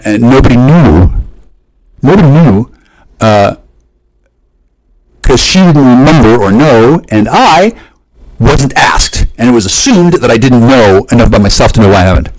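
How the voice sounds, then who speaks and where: A man in a rambling, profane monologue, often restarting and jumping suddenly up in pitch. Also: darkish tone, low-quality recording.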